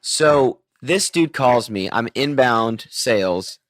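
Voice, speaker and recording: A man's voice: medium pitch, expressive, takes it slowly, fairly bright tone, no room sound. A man hosting a podcast, telling a crude story with frequent swearing and laughter. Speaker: podcast host. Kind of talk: casual podcast chat.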